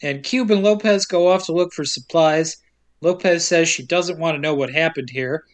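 A man's voice: a little high, moderate pace. A man casually recapping a film's plot for a podcast, with wry asides and frequent chuckles. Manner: wry, deadpan storytelling with frequent laughs and silly asides. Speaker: podcast co-host recapping a film.

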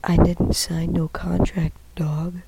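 A man's voice: on the high side, little pitch movement, takes it slowly, vocal fry. A man joking around in casual chat with friends, goofy and sometimes half-whispering. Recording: loud background noise.

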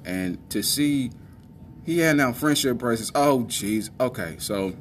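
A man from the Midwest hosting a podcast, doing casual comedic commentary in an animated, exasperated way and talking straight to his listeners. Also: mid-range voice, unhurried, a little hiss or hum. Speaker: podcast host.

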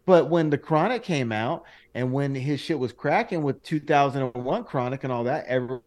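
A man's voice: mid-range voice, fairly quick, darkish tone. A man co-hosting a podcast, talking bluntly and profanely in casual chat. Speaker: podcast co-host.

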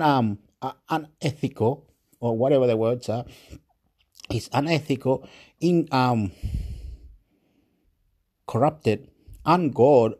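Rambling, exasperated man, mellow voice. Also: medium pitch. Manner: repetitive, stumbling, frequent laughs; agitated, exasperated rant. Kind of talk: rambling monologue.

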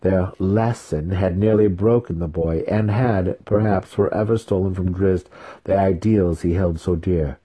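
A man narrating a fantasy novel in a steady, unhurried reading. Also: low voice, breathy edge. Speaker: audiobook reader.

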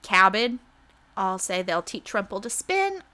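A woman co-hosting a comedy podcast, recapping a TV episode in casual chat with a sarcastic edge and quick acted-out character lines. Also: mid-range voice, big pitch swings, bright, forceful tone.

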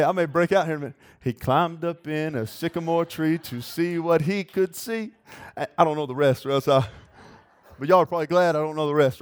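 A man preaching a sermon in a folksy, earnest way. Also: high-pitched. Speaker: pastor.

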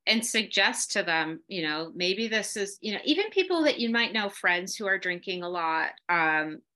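A woman guest in a casual conversation, talking in an animated way with quick asides and laughter. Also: mid-range voice.

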